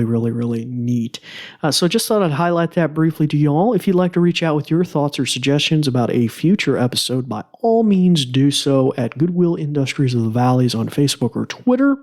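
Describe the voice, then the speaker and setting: A man hosting a casual podcast, talking in a rambling, enthusiastic way and repeating himself as he goes. His pitch sits in the middle range for a man, and his delivery is loose and conversational. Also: a little mellow. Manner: enthusiastic, rambling, chuckles often, repeats "really cool". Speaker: podcast host. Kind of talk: casual podcast talk, demonstrating a smart speaker.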